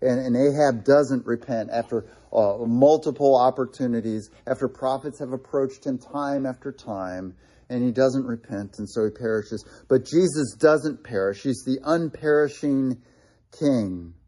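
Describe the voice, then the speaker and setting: A man preaching a sermon in an earnest manner, with quick asides and repeated restarts. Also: mid-range voice, warm tone. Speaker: pastor.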